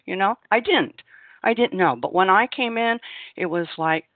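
A woman sharing at a recovery meeting, reflective and measured in a conversational way. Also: medium pitch, expressive, no echo. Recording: tinny phone-line call audio.

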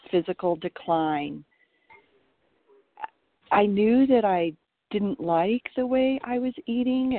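This woman shares her recovery story in an earnest, reflective way and repeats words to stress a point. Her voice sits low, and it comes through a tinny phone line. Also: no room sound. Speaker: meeting participant sharing.

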